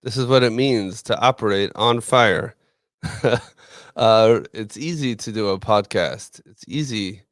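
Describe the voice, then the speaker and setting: A man who hosts the podcast has a low voice and a close, dry sound without room echo. He drops short, wry jokes between his guest's points. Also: a little slow. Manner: dry, joking interjections. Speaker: podcast host. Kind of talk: podcast interview, brief joking asides.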